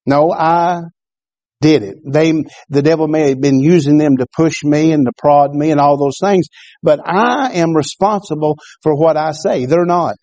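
A man's voice: on the high side, normal speed, a little mellow, dry recording, lo-fi sound. A male pastor preaching a sermon in church, often repeating words and asking the congregation "Amen?".

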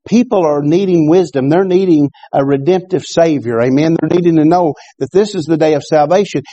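A man's voice: a little high, dark tone, no echo. A male pastor preaching a sermon in church, often repeating words and asking the congregation "Amen?".

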